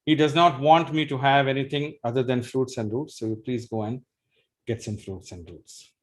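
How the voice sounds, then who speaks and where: A man playing a gentle wandering holy man. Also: medium pitch, steady tone, normal speed, natural voice.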